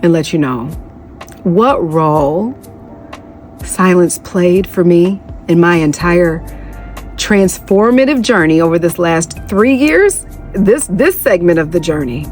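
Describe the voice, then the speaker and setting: A woman's voice: on the low side, animated, takes it slowly, a little mellow, faint music behind. A young adult woman hosting a podcast, talking from the heart in a casual, conversational way. She is emotional and close to tears. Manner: heartfelt, conversational, addresses listeners as y'all. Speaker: podcast host. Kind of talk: emotional personal podcast talk, then guided meditation.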